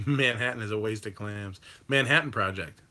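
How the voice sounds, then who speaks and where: A livestream host reads and reacts to viewer comments in a lowish, pushed, bright voice. His casual chat wanders, full of fillers and swearing.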